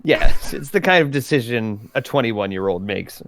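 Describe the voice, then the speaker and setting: Man, tabletop player, joking, casual, lively ups and downs in pitch. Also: normal speed, gravelly, no echo. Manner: playful, joking.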